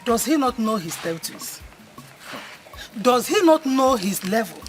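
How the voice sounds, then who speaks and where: A woman's voice: on the high side, a little slow, soft background music. An actress playing a meddling village woman with a Nigerian accent, gossipy and pushy. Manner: gossipy, pushy, expressive, mixing Igbo into English. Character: meddling middle-aged village woman urging action.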